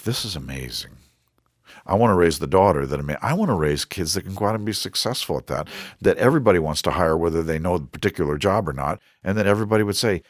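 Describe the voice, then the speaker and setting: Very deep husky-voiced man, earnest. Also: no room sound, studio quality. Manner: earnest, preachy, quotes scripture, acts out little dialogues. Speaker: podcast host. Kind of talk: conversational Christian parenting talk.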